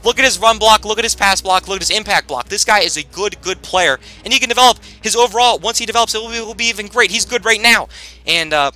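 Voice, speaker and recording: A man giving casual, rambling gameplay commentary as he plays, with sudden loud bursts of hype. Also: sits high, quick pace. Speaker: gaming commentator.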